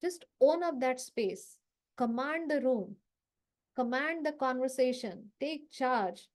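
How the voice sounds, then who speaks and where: Her voice high, animated, and a little mellow, a woman trainer from South Asia speaks at a slow pace in a live confidence workshop. She coaches in a casual way, acting out short workplace lines and checking in for audience agreement.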